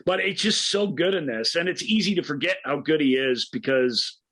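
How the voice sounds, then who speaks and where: A man's voice: a little high, lively intonation, moderate pace, fairly bright tone, breathy edge, poor audio. Enthusiastic man recapping a film. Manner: enthusiastic, rambling retelling of scenes with frequent restarts. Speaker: film podcast co-host. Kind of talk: casual film discussion.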